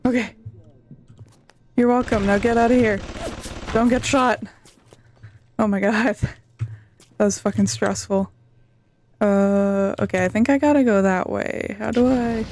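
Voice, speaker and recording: A woman's voice: mid-range voice, unhurried, pauses often, darkish tone, slight background noise. A woman streaming a video game from home, talking to herself in jumpy, frequently swearing commentary with nervous laughs. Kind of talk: live gameplay commentary.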